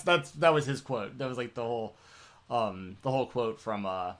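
A man's voice: mid-range voice, expressive, moderate pace, fairly bright tone. A man co-hosting a casual podcast, talking loosely and restarting his sentences. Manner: rambling, with many restarts and laughs. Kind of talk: casual chat.

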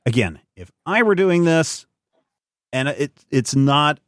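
A man co-hosting a casual comic review chat, rambling and self-correcting with animated enthusiasm. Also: a little high, takes it slowly, no echo, studio quality. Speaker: podcast co-host.

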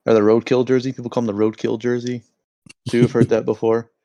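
A young man hosting a casual sports podcast, joking and telling rambling stories in an animated way. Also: mid-range voice, quick pace, dry recording, dull audio. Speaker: podcast host. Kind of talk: casual hockey podcast banter.

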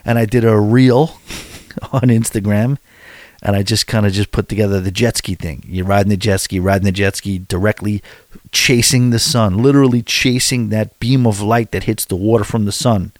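A man's voice: fairly low pitch, steady tone, moderate pace, no echo, studio quality. A man in his forties, chatting casually and telling rambling, self-deprecating stories with many restarts. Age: 40s. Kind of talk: casual chat.

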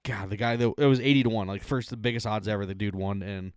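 A man with a somewhat low voice co-hosts a relaxed podcast, rambling from thought to thought and often laughing or trailing off. The sound is close and dry, with no room echo. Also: quick pace, clear, resonant tone. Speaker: podcast co-host. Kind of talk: casual chat.

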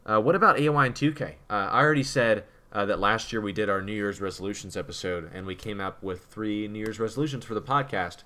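A man's voice: fairly low pitch, fast talker, few pauses, sharp tone. A man co-hosting a podcast in casual chat, rambling and repeating words as he thinks. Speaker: podcast co-host.

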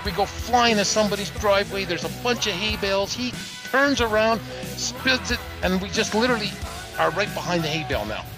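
A man, casually telling a long, animated anecdote on a podcast panel. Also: high voice, fairly quick, rough recording. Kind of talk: casual storytelling chat. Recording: music playing underneath.

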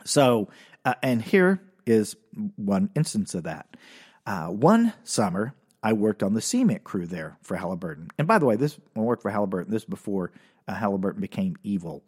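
A man's voice: fairly low pitch, big pitch swings, normal speed, a little mellow, breathy edge. A man casually telling a personal story, rambling and correcting himself with a wry, dry humor.

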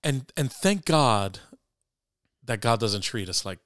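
A man's voice: mid-range voice, expressive, slow pace, fairly bright tone, no room sound, clean studio sound. A man in a casual faith conversation, telling a story earnestly and stammering over frequent restarts.

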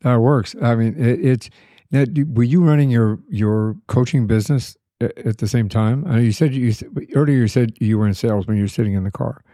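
A man's voice: mid-range voice, fairly quick, mellow, dry recording, clean studio sound. A man hosting a podcast interview, easygoing and affirming as he asks follow-up questions. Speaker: podcast host. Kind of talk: conversational interviewing.

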